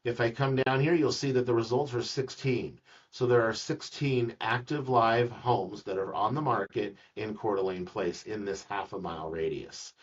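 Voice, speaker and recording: A man's voice: medium pitch, moderate pace, slightly rough. Chatty man teaching from a distance. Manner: chatty, jokey asides, repeats words. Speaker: real estate agent teaching a colleague. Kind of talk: casual screen-recorded tutorial. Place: office room with a colleague. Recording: dull, distant screen-recording audio.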